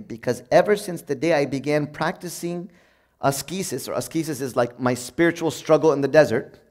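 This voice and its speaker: A man preaching a sermon in a conversational way, reading from old sayings and acting out everyday moments in a bright, upbeat voice. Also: on the high side.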